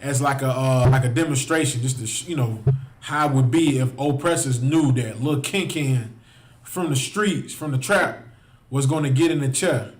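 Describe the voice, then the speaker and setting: A man's voice: mid-range voice, moderate pace, echoey room, a little hiss or hum. A man preaching with heated passion, repeating his phrases and speaking straight to his listeners. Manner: impassioned, repeats phrases, addresses listeners directly. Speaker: street preacher.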